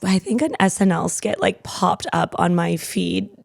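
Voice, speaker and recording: Chatty gravelly-voiced woman host. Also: on the low side. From Canada. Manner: chatty, laughs often, talks fast. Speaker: podcast host. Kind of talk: casual chat and reading stories aloud.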